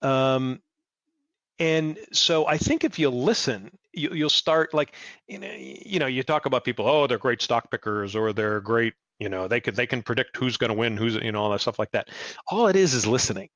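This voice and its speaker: A man in his sixties, a podcast guest, telling stories in a lively way and acting out what people said. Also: normal speed, no room sound, muffled recording. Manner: animated, acts out quoted exchanges in a higher voice. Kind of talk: storytelling interview chat.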